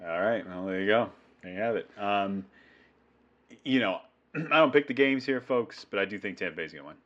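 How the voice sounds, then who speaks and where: Low-voiced man riffing on fantasy football. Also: lively intonation, a bit bright, lo-fi sound. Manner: jokey, rambling, quick to riff. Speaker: co-host of a fantasy football show. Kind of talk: casual sports chat.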